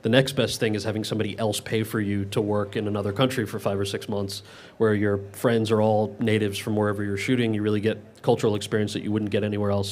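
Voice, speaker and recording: Fast-talking man at an audience Q&A. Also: lowish voice, a little mellow. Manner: talks fast with many quick restarts. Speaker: actor answering audience questions. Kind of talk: casual Q&A answers.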